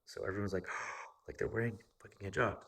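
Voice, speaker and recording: An American vlogger with a voice on the low side, gravelly and steady in tone, tells a personal story at a brisk clip. The monologue is casual and rambling, full of swearing and frequent fillers.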